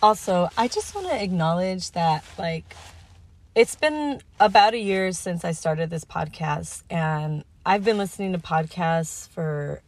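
Gravelly-voiced woman podcast host. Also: lowish voice, animated, measured pace. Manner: earnest, many fillers and restarts. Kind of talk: reflective solo podcast monologue.

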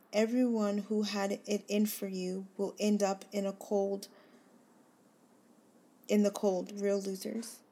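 A woman reads scripture in a slow, earnest devotional style. Her delivery is unhurried and even, with little rise and fall, and she leans gently on key words. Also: mid-range voice. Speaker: devotional host. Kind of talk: scripture reading and devotional reflection.

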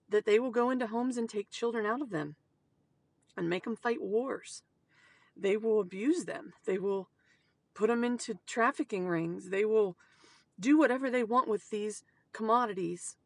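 A woman speaking in an emotional personal monologue as a mother, halting, with sudden outbursts and soft whispered asides. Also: on the high side. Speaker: mother sharing personal experience.

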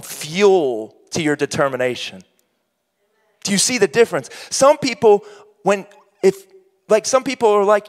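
A man's voice: fairly high pitch, expressive, normal speed, in a large hall. A male pastor preaching a sermon, who builds in rising bursts and acts out imagined voices of his listeners.

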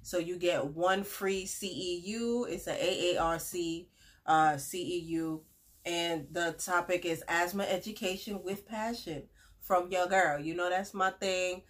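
A woman talks through a casual podcast monologue. Her voice sits fairly low and comes out raspy and stuffy from a cold, chatty and upbeat, full of fillers. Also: unhurried. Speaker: podcast host, respiratory therapist.

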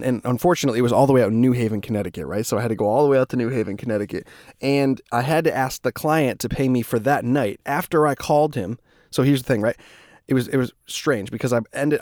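A young man hosts his own podcast and tells a story off the cuff. He rambles, swears freely and often restarts his sentences. His voice sits at a middle pitch, recorded close and dry with no room echo. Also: darkish tone. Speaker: podcast host. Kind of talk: casual storytelling monologue.

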